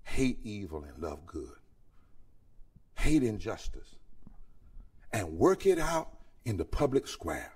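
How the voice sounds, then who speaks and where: A man's voice: fairly low pitch, very animated, slow, pauses often, a little mellow, slightly rough. A man preaching a sermon-style address at a conference, calling out to the audience and building to near-singing peaks. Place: large conference hall. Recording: voice picked up from far off the mic.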